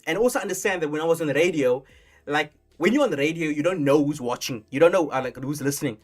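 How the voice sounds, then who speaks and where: A young man from Africa, hosting a casual live stream in a rambling, animated way with many restarts. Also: on the high side, fast talker. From South Africa. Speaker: streamer host. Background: faint lo-fi music.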